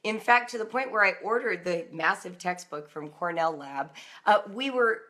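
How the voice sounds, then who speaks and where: A middle-aged woman talking straight to parents on a live stream, encouraging and chatty. Her voice is bright and forward. Now and then she slips into a playful voice to act out a small scene. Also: mid-range voice, moderate pace. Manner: animated and chatty, acting out little scenes in a playful voice. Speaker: homeschool writing coach and show host. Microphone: phone or webcam on a social media live stream.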